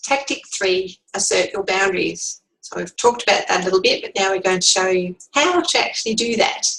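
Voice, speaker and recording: A woman coach giving a calm, measured instructional lesson on handling workplace bullies. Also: mid-range voice, gravelly, poor audio. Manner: calm, measured, demonstrates sample replies.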